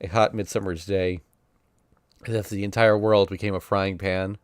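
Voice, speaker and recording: A man's voice: deep voice, fairly even intonation, normal speed, smooth, dry recording, studio quality. A man reading a visual novel aloud on stream, narrating casually in the first person. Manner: casual first-person narration that voices sound effects playfully.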